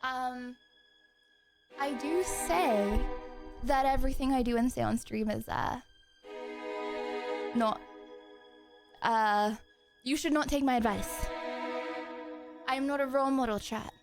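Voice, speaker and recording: Bubbly high-voiced woman streamer. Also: takes it slowly, long pauses, over music. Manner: bubbly, giggly, cheering chat on. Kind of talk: casual live-stream chat.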